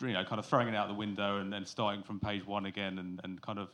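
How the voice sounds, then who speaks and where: A man's voice: fairly low pitch, flat delivery, quick pace, a bit bright. A man in the audience asking the panel a question, hesitant and full of fillers.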